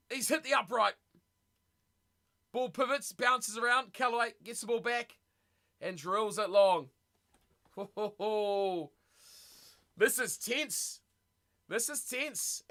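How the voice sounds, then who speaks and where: A man hosting a live watch party stream, reacting excitedly to a rugby match and chatting with viewers. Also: high voice. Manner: excitable, chatty, reads viewer messages aloud.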